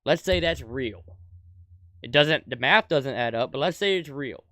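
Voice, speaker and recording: A young adult man giving an angry, profane political rant as a commentator, swinging from shouted outbursts to low muttering. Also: animated, measured pace, no room sound, studio quality.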